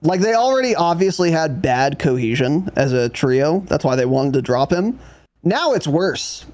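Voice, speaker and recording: A man's voice: on the high side, lively intonation, moderate pace, darkish tone. A man co-hosting a gaming podcast, talking bluntly and sardonically in casual chat and swearing freely. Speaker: podcast co-host.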